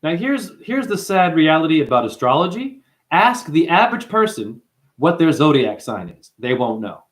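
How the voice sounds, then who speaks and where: Animated man hosting a spiritual livestream. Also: a little high, moderate pace. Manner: animated, calls listeners honey, chants mantras. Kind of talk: livestream talk to chat.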